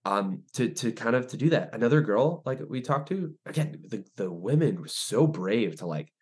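Husky young man telling stories animatedly. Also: mid-range voice, normal speed. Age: young adult. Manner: animated storyteller, many restarts and fillers. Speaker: guest, ministry director. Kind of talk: casual interview chat.

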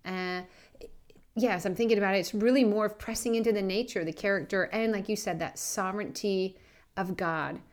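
Brief: woman podcast co-host, mid-pitched, earnest animated storyteller, faith talk. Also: fairly quick.

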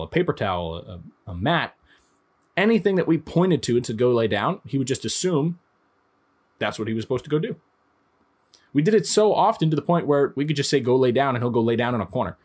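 Conversational man in his thirties teaching. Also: mid-range voice. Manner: conversational, explains through everyday examples. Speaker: dog trainer. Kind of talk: instructional talk.

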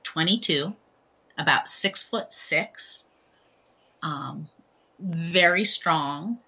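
A woman with a low voice that still comes across bright and forceful shares a heartfelt personal story as a podcast guest. Her tone is slightly husky, and she speaks earnestly, often pausing to ask "right?". The recording sounds dull and lo-fi. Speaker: guest, author and transformational speaker.

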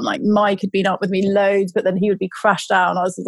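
A woman tells a long personal story in a loose, rambling way, full of fillers and restarts. Her voice has a gravelly, creaky texture at a middle pitch. The sound is dry and close. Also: flat delivery, quick pace, hardly any pauses, dry recording, low-quality recording. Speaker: guest telling her birth story. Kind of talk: casual storytelling.

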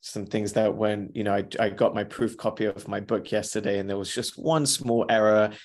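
A man's voice: fairly low pitch, steady tone, moderate pace. Upbeat guy hosting a motivation podcast, chatty, says welcome a lot. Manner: upbeat, repeats greetings, self-talk asides. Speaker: podcast host. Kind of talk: live motivational podcast chat.

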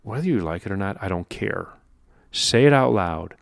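Low-voiced man giving a motivational talk. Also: expressive, moderate pace, creaky, no room sound, studio quality. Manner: earnest, conversational, emphatic. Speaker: motivational speaker. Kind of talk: motivational monologue.

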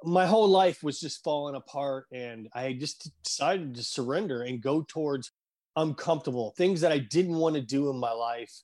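Earnest man, somewhat high voice, halting, emotional storytelling. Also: a little mellow. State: choked up at times. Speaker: guest. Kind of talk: personal storytelling in conversation.

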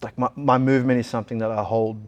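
A young Australian man at a middle pitch tells a personal story in a relaxed interview. He talks casually and brings the story to life by doing the voices of the people in it. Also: quick pace, muffled recording. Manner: animated retelling, acting out other people's lines. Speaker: interview guest.

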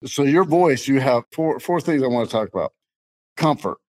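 Middle-aged male co-host, casual faith podcast, loose and jokey, medium pitch. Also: expressive, moderate pace, darkish tone, rough recording. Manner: rambling, jokey, laughs often.

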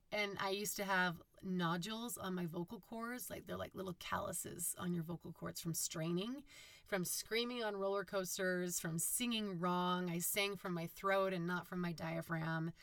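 A woman from Utah with a low, raspy, husky voice, chatting casually on her own podcast and rambling with fillers and self-corrections. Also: steady tone, unhurried, a bit bright, no echo. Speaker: podcast host. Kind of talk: casual solo podcast monologue.

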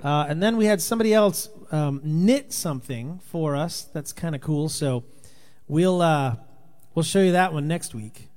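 A man's voice: on the high side, measured pace, darkish tone. A man from Rhode Island hosting a casual livestream, greeting viewers by name in a loose, rambling way. His voice is tired and worn out from touring. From Rhode Island, USA. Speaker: livestream host and touring Christian musician. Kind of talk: casual live chat reading viewer comments.

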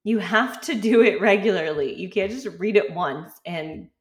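A woman's voice: medium pitch, normal speed. A woman in her thirties hosting a podcast, talking casually and chattily with frequent fillers and light laughs. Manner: chatty, relaxed, lots of "like" and laughs. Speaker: podcast host. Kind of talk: casual solo podcast talk.

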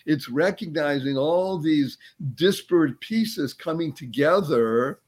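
A man with a somewhat high voice gives a lively, uplifting motivational talk as a guest on a show. He teaches playfully, putting questions to his host, and slows right down to draw out words that matter. His tone stays spiritual and encouraging. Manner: slows and stretches words for emphasis. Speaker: guest speaker.

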